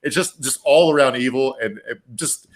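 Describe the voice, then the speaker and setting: A man's voice: mid-range voice, moderate pace. A man co-hosting a casual comedy chat, rambling through wry, crude jokes. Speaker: co-host.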